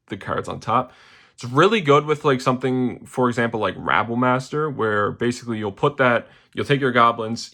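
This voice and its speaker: A man's voice: mid-range voice, pushed and bright. A young man casually walking through his card game deck, loose and rambling, with slangy asides and fillers. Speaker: deck tech host.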